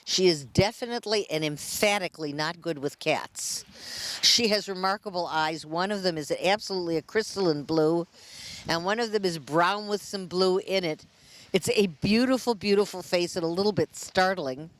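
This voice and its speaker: A woman's voice: lowish voice, moderate pace. A woman hosting an animal show, introducing shelter dogs for adoption with heaps of praise and chatty asides to the dogs and crew.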